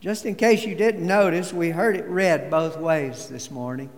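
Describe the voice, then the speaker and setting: A pastor delivers a sermon in a measured, deliberate manner, his voice sitting high for a man. He takes his time, letting each phrase land. A long reverb fills the sanctuary around him. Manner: measured, deliberate preaching with storytelling. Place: church sanctuary.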